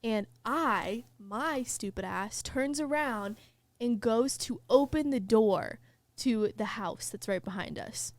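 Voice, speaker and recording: Telling a story on her podcast, a young host chats casually and animatedly, leaning hard on "like" and breaking into laughter mid-sentence. She speaks slowly in a slightly high voice, and the recording is dry.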